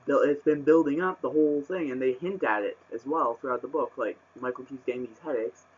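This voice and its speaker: A man talks a little fast in a slightly rough mid-range voice while reviewing a book for a casual vlog. His speech rambles with fillers and restarts and flares into exasperated rants, captured on a webcam mic with muffled audio.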